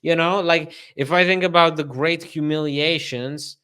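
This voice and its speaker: A man's voice: fairly high pitch, fairly even intonation, measured pace, bright, forceful tone, clear, resonant tone. A man co-hosting a podcast, chatting casually in a wry way, laughing easily and using many fillers. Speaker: podcast co-host.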